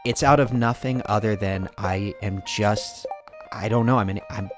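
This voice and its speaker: A man's voice: on the low side, steady tone, moderate pace, faint music behind. A man hosting a casual gameplay video, rambling as he talks and laughing often. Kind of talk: casual let's-play commentary.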